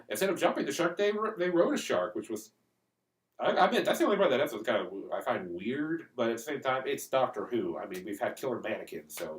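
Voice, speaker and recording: A man's voice: medium pitch, echoey room, recorded from a distance. A man in casual review chat, joking and trailing into fillers. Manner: chatty with quips and hesitant fillers.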